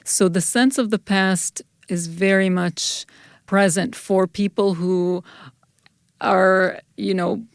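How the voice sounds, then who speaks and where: A woman speaking as a guest scholar in a podcast interview, talking in a thoughtful, measured way with some restarts. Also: medium pitch, steady tone, dry recording, studio quality. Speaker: guest scholar, folklorist and anthropologist.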